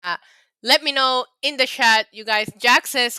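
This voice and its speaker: A woman's voice: a little high, measured pace, bright, forceful tone, smooth, dry recording. A woman from New York City hosting a casual livestream, chatting, laughing often and reading the chat aloud. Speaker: livestream host.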